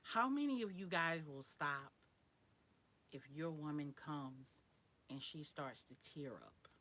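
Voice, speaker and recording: A woman's voice: low-pitched, lively intonation, slow, a bit bright. Frank, chatty woman live streamer. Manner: chatty, talks straight to viewers, frank about sex. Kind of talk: casual live stream chat.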